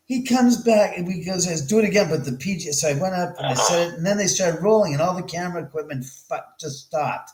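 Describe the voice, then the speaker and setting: A man hosting a livestream, telling a story in an animated, rambling way with plenty of swearing and repeated words. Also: sits high, fast, few pauses, roomy sound, low-quality recording. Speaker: host of a livestream.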